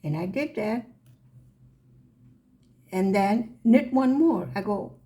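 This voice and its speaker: A woman's voice: mid-range voice, lively intonation, takes it slowly, pauses often, mellow. A woman telling a chatty, self-deprecating story about her knitting, acting out the other voices in each exchange. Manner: chatty, self-deprecating, acts out quoted dialogue. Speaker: knitting vlogger. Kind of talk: casual storytelling.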